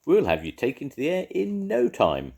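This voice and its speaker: A man's voice: mid-range voice, wildly swooping pitch, normal speed, a little mellow, breathy edge, voice pushed up, full character voice. An older man voicing a kindly male park keeper who fusses over the animals.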